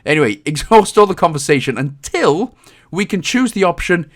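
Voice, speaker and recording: A man's voice: a little high, very animated, a little fast. A man with a Welsh accent giving casual gameplay walkthrough commentary, chatty and joking, with frequent "um"s as he goes. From Britain. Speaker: game walkthrough host.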